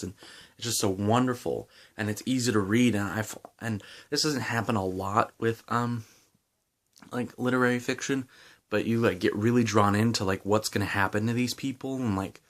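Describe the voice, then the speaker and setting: A man giving a casual, enthusiastic book review with lots of fillers and restarts while chewing gum. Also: lowish voice.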